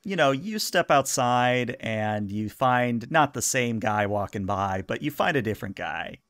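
A man's voice: mid-range voice, expressive, measured pace, fairly bright tone, dry recording. A man narrating a tabletop game as game master, in a dry, matter-of-fact way.

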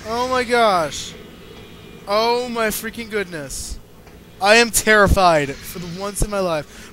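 A man's voice: high voice, animated, a little slow, background noise. A young man commentating his own gameplay, panicking, yelping and pleading with the enemies on screen, then muttering as he reads and plays. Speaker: let's play gamer. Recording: game music behind the voice.

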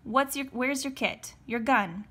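A woman's voice: high-pitched, unhurried, fairly bright tone, voice pushed up. A woman reading aloud, voicing a stern, commanding male army sergeant. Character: stern steel-eyed army sergeant, a man.

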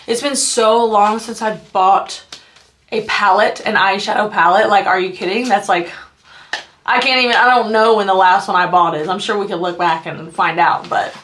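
In her apartment, a woman beauty vlogger chats casually through a haul, gushing over products and peppering her talk with "like" and "you guys." Her voice sits in the mid-range, fairly bright, at a moderate pace.

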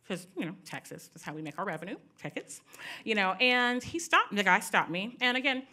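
A woman's voice: medium pitch, animated, fairly quick, bright, forceful tone. A middle-aged woman speaking candidly to an audience at a panel event, telling personal stories with many asides.

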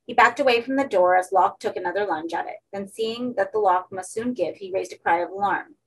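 A woman narrating a horror story for an audiobook in a steady, measured way. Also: medium pitch, a little hiss or hum, rough recording.

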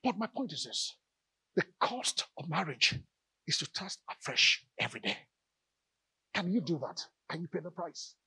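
Husky high-voiced man preaching a sermon. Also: normal speed, no echo. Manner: animated preaching with audience call-outs and jokes. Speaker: pastor. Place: church.

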